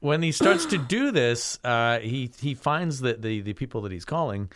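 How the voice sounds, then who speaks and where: A man's voice: mid-range voice, sing-song, moderate pace, a bit bright, no echo, clean studio sound. A man casually chatting about a film he picked, rambling with many fillers and restarts. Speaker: podcast co-host. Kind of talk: casual film review chat.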